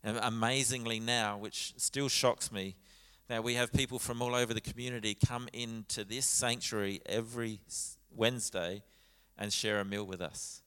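A man's voice: mid-range voice, fairly even intonation, normal speed, bright, forceful tone, clean tone. A man, a pastor telling a story in a sermon with quoted dialogue and frequent restarts. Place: church sanctuary. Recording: church hall with long reverb.

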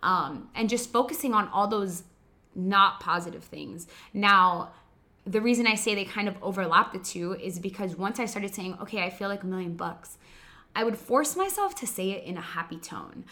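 A woman's voice: medium pitch, lively intonation, moderate pace, sharp tone. A young woman co-hosting a live chat, talking casually with many fillers and easy laughs. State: recovering from a cold. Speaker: co-host.

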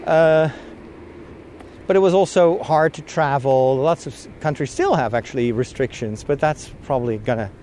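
A man's voice: mid-range voice, moderate pace, darkish tone, slight background noise. A man talking casually on a walking vlog, rambling and chatty with frequent laughs, a little out of breath from walking outdoors. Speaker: vlogger. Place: outdoors on a walk.

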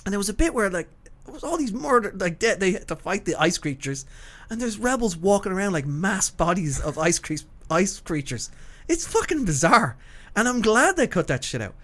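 A man's voice: high-pitched, a bit bright. A man hosting a podcast in casual, rambling chat, swearing freely and laughing easily. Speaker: podcast host.

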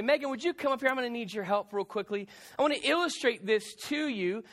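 A man preaching a sermon on a church stage into a handheld mic, animated and talking to the audience. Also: very high-pitched, brisk, few pauses. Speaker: pastor.

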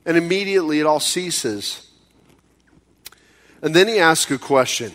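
A male pastor preaching with a fairly high voice. He talks to the congregation like a friend, then jumps up in pitch to act out desperate pleas. For weighty points he drops low and slows right down. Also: animated, fairly bright tone. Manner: conversational preaching, acting out quoted pleas with sudden high bursts. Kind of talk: sermon.

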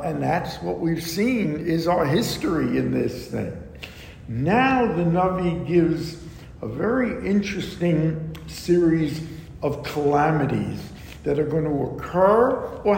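A man teaching a verse-by-verse Bible lesson, explaining slowly and deliberately with frequent ums and asides. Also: fairly high pitch, creaky, darkish tone. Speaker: Torah teacher. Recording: echoey room with long reverb and faint background noise.

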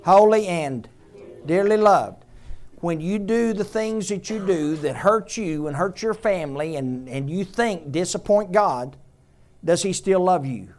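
A man preaching a sermon in a conversational way, quizzing the congregation and dropping to a hush on tender points. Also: high-pitched, animated, a little slow. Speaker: pastor.

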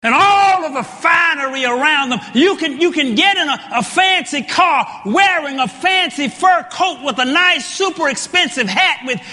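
Male preacher, very high and bright voice, slow emphatic delivery that rises to shouts, long hall reverb. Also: expressive. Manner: emphatic, rising to shouted points with repeated words. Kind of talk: sermon with scripture reading.

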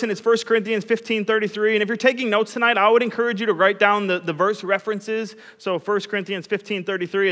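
A man's voice: high-pitched, fairly bright tone, big-room sound. A young man preaching as a youth pastor, chatty and self-deprecating, telling stories. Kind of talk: sermon.

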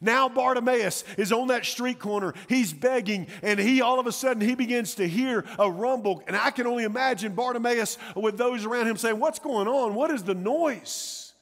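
A man preaching a sermon as pastor, dramatic and swinging between loud calls and hushed words. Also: extremely high pitch, fairly quick, hardly any pauses, in a large hall.

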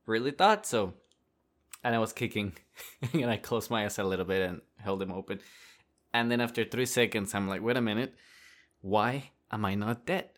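A man hosting a podcast who tells a personal story in a casual, animated way and laughs often as he talks. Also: on the low side, moderate pace. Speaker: podcast host.

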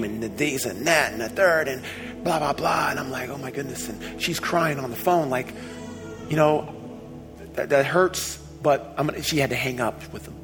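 A man in his thirties telling a personal story with lively energy, jumping between loud exclaiming bursts and hushed, low telling. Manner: excitable, swings from shouting to hushed. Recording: music playing behind.

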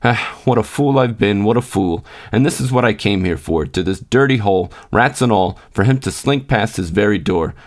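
A weary miner's wife, bitter and sharp-tongued, as a man reading the story voices her. Her lines come in a low, plain tone with a scolding edge. A storybook reading. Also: expressive, normal speed, hardly any pauses, lightly acted.

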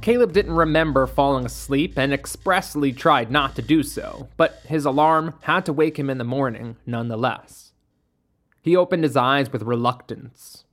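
A narrator reading a ghost story in a measured, steady way. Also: medium pitch.

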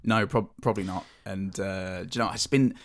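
A man's voice: deep voice, fairly even intonation, fairly quick. A man co-hosting a comedy podcast, joking and rambling with stammered restarts. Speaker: podcast co-host. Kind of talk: casual comedic chat.

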